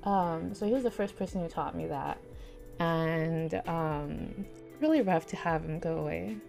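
Young woman, livestreamer, casual rambling chat, gravelly fry, near tears, faint music behind. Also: low-pitched, measured pace, darkish tone. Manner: rambling, filler-heavy, reads chat aloud.

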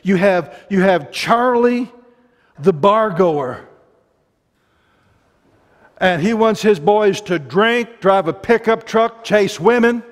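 A man's voice: sits high, animated, slow pace, pauses often, big-room sound. A middle-aged man with an Ozarks accent preaching a sermon, impassioned and digressive, with joking asides.

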